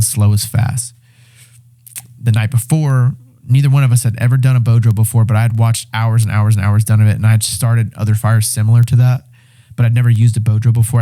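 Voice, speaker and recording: Mellow-voiced man telling an excited survival story. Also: lowish voice. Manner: animated, excited retelling with swearing and restarts. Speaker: podcast guest, reality show winner. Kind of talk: casual storytelling.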